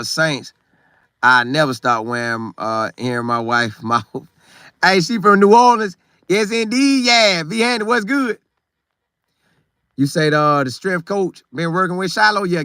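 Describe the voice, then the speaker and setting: Guy on a live stream, bright punchy voice, dry close sound, going thru chat and repeating himself for emphasis. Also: mid-range voice, no room sound. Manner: loose, talkative, repeats phrases for emphasis. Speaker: show host reading live chat. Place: Florida.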